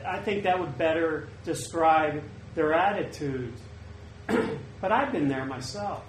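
Pastor type, man with a slightly high voice, earnest and conversational sermon delivery; echoey room. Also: slow, slight background noise. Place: church service. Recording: roomy, faint ambience.

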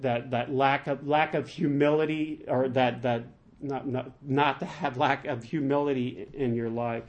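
A man preaching a sermon and reading scripture aloud. He often repeats words as he searches for them and breaks into lively acted-out asides. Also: fairly high pitch. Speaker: pastor.

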